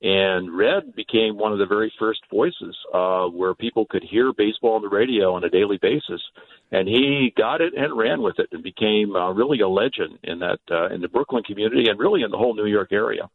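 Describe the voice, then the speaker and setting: A man's voice: fairly low pitch, a little fast. Hesitant man on a tinny phone line. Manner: hesitant, many filler sounds. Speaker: guest. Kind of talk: interview answers.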